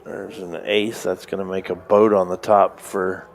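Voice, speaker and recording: A man with a somewhat low voice commentates live poker hands. He talks in an easygoing, chatty way, walking through the cards and odds as they fall. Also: a little slow. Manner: relaxed, conversational calling of hands.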